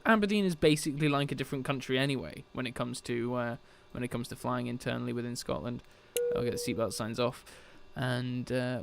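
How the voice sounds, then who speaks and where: A man's voice: medium pitch, vocal fry. A man from Britain chatting on a live stream as he shuts down a sim aircraft, laughing often and answering his chat.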